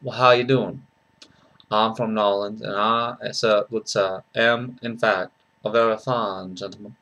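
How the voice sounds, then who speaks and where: A man voicing a soft-spoken, genteel Southern gentleman with a slow, drawling Southern accent. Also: on the low side, steady tone, muffled recording.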